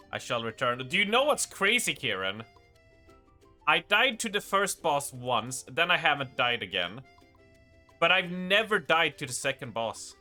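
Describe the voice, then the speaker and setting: A male streamer jokes and rambles with his viewers while playing a game live, often laughing at himself. His mid-range voice sounds pushed and bright.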